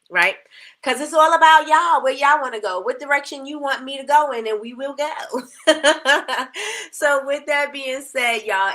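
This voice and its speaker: A middle-aged woman hosting a casual livestream chat, animated, greeting viewers by name and laughing often. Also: mid-range voice. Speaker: livestream host.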